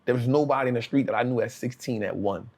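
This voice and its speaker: A man's voice: mid-range voice, quick pace. A man, a guest telling his life story in casual street slang. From New Orleans, USA. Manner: casual street slang, lively retelling with acted quotes. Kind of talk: interview storytelling.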